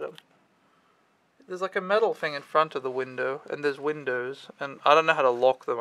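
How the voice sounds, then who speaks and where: A man's voice: fairly high pitch, pushed and bright, slight background noise. A young man telling his day in a casual vlog, rambling and offhand, swearing freely. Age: young adult. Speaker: au pair vlogger.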